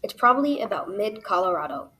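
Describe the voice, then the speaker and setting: A polite cardinal speaks earnestly and thankfully in a gentle storybook tone, as a woman reading the tale puts it on. The voice stays close to the reader's own, only a touch livelier. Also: medium pitch, very animated, brisk, a little hiss or hum, low-quality recording. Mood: grateful. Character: grateful polite cardinal bird.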